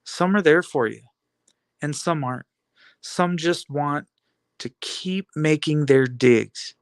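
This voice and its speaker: A man with a somewhat high voice delivers a defiant motivational monologue. He taunts the listener with rhetorical questions and hammers on repeated phrases. The sound is dry and close, with no room echo. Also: slow pace. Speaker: video blogger.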